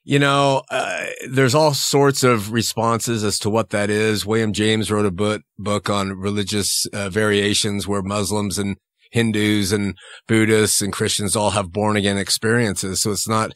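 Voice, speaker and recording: A middle-aged man, a guest in a studio interview, speaking frankly and relaxed. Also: lowish voice, no room sound. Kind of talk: casual interview talk.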